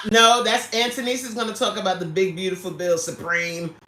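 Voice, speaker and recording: A woman's voice: medium pitch, level tone, a little fast, a bit bright, roomy sound. A woman hosting a casual livestream who reads out viewer comments, laughing often and talking straight to her viewers. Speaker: livestream host reading chat.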